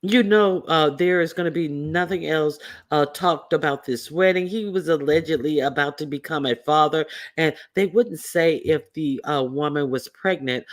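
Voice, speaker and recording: Guy rambling through a political rant, kinda high voice, lots of ums. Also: moderate pace, hardly any pauses. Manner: rambling, animated storytelling with filler words. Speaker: political commentary host. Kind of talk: casual political chat.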